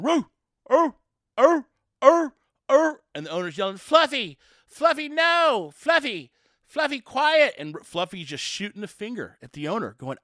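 Man, dog trainer, opinionated monologue, high voice, very lively pitch, emphatic. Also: no echo, clean studio sound. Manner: emphatic, acts out quotes in raised voices.

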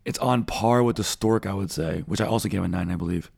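A man co-hosting a podcast in a relaxed, chatty way, with a slightly mumbly voice. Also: deep voice, fast, dry recording, studio quality. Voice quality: gravelly, a bit mumbly. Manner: relaxed, chatty, laughs easily. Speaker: podcast co-host. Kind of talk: casual chat.

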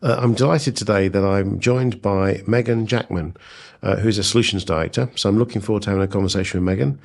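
A low, gravelly-voiced man with a North London English accent hosts a relaxed podcast chat. He teases his guests with dry quips and keeps the talk light. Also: fast talker. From Essex, England. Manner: jokey and warm toward guests, dry quips. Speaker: podcast host. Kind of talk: casual interview chat.

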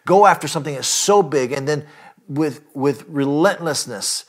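A man preaching a sermon, earnest and emphatic, often asking his listeners direct questions and filling pauses with "uh" and "you know". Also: fairly high pitch. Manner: earnest preaching with rising emphatic lines and frequent fillers. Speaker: pastor.

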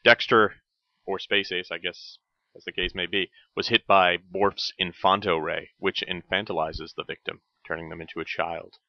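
A man narrates a scripted look back at old cartoons, his voice low and deep. He slips in wry, dry jokes between the facts. The recording is close and dry, with a slightly dull, lo-fi tone. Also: steady tone, moderate pace, gravelly, no room sound. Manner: wry, with dry joking asides. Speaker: host.

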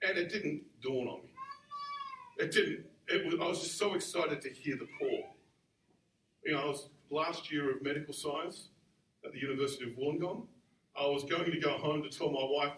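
A pastor in his forties tells a personal story from the pulpit in an easy, animated, self-deprecating way. His voice sits a little high and carries through a reverberant hall from a distant mic, with a faint hiss of room noise beneath. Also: fairly quick. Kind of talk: storytelling sermon.

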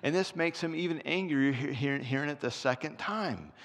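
A man's voice: on the high side, normal speed. A man preaching a conversational sermon as pastor, telling stories along the way. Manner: animated, conversational storyteller. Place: church sanctuary. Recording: long church reverb.

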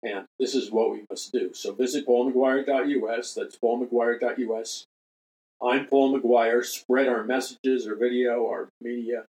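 A man's voice: mid-range voice, fairly even intonation, unhurried, darkish tone, poor audio. An older man delivers a talk radio monologue as host of a religious show. His mid-range voice is emphatic, and he repeats key phrases to drive the point home and appeals earnestly to his listeners.

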